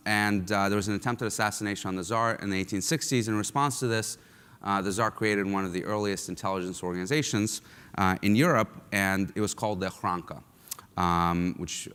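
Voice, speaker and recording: Low smooth voice, guy from russia doing a keynote, lots of ums, echoey big hall. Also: fairly bright tone. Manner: conversational, frequent ums and uhs. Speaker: keynote speaker. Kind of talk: conference keynote talk. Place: large lecture hall. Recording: long hall reverb.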